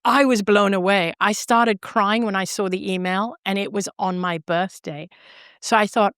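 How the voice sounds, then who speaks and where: Animated woman storyteller, smooth, dry sound. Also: medium pitch, moderate pace, no echo. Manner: animated, expressive storyteller who laughs easily. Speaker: podcast guest. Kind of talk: storytelling in an interview.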